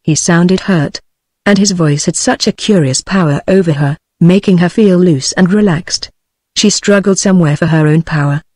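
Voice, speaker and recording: A woman's voice: fairly low pitch, normal speed, darkish tone, dry recording. Dry synthetic British woman narrator. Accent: British English. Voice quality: synthetic, evenly paced. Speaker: audiobook narrator. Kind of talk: text-to-speech audiobook reading.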